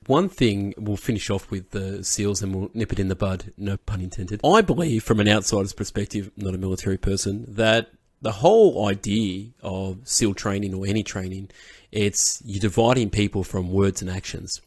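A man hosting an interview speaks in a low voice, recorded dry with no room echo. He thinks aloud as he frames a question, keeping the tone conversational. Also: normal speed, darkish tone. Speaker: interview host.

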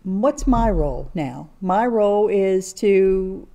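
A woman's voice: medium pitch, expressive, slow pace, dark tone, highs cut off. An older woman co-hosting a casual Bible study chat, earnest and talkative. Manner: chatty, earnest, talks a lot.

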